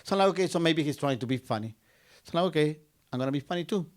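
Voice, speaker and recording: A man's voice: on the high side, animated, racing, darkish tone. A man from Guatemala, telling a personal story on stage and acting out both sides of a conversation.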